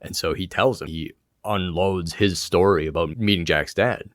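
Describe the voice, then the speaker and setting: A man's voice: deep voice, normal speed, fairly bright tone, dry recording, clean studio sound. A man co-hosting a podcast, recapping episodes in casual, rambling chat with repeated words. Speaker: podcast co-host.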